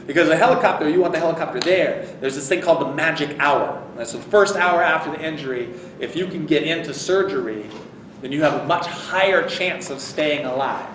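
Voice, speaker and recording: A man telling a personal story to a crowd in an inspirational speech, conversational and animated at times. He is recorded from a distance in an echoey hall, with a faint rumble underneath. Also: a little fast. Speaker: speaker at a convention.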